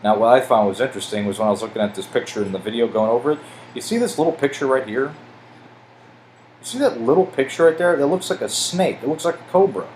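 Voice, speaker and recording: A man casually rambling over pictures as a video host, excitable and swearing, stumbling as he reads aloud. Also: medium pitch, quick pace, a little hiss or hum, low-quality recording.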